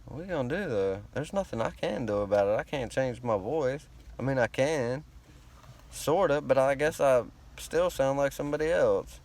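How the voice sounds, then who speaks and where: A man with a rural American country accent speaks in a drawling, laid-back voice. He meanders from thought to thought, swearing casually and sounding a little self-conscious. His pitch sits in an ordinary middle range. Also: normal speed, darkish tone. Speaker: vlogger. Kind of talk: rambling casual monologue.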